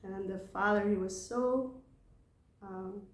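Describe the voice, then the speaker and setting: A woman's voice: mid-range voice, fairly even intonation, slow pace, reverberant. A woman casually retelling scripture stories in a chatty way, laughing often. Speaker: devotee telling scripture stories. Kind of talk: casual storytelling talk.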